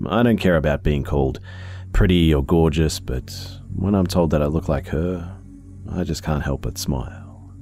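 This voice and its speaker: A man's voice: very deep voice, moderate pace, warm tone, faint music behind. A man doing a young policewoman. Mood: earnest. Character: young woman police officer, daddy's girl.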